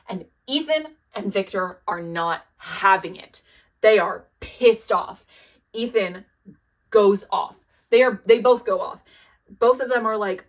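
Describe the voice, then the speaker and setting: A young woman with a medium-pitched, slightly bright voice recaps a show in a rambling, casual manner. She leans heavily on fillers, swears freely, and laughs at her own asides.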